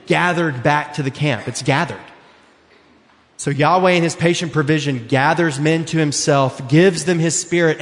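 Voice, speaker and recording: A man in his thirties preaching a sermon in a church, earnest and conversational, slowing down to stress key words. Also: fairly high pitch. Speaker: pastor. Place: church sanctuary. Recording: long hall reverb.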